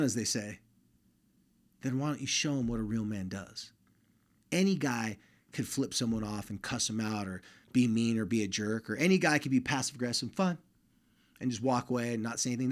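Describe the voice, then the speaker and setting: A man in the middle range of pitch talks to fathers in an easy, conversational way. He speaks to listening dads directly, as a podcast host handing out plain advice. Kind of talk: casual advice talk.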